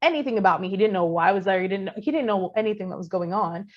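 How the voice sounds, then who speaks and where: A woman telling a spooky story to a friend on a podcast, chatty and animated, full of fillers and the odd curse. Her voice sits at a middle pitch. The recording sounds a little dull and lo-fi. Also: rapid-fire. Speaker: podcast co-host. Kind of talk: casual scary storytelling.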